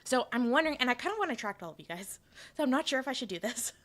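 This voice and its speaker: A woman's voice: sits high, lively intonation, rapid-fire, fairly bright tone. A woman streamer in casual live chat, rambling and giggly with lots of fillers.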